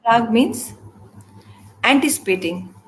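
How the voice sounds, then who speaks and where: A woman interpreting a spiritual scripture class, speaking in halting phrases with restarts and repeated words. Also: a little high, very animated, low-quality recording. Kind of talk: translating a devotional scripture class.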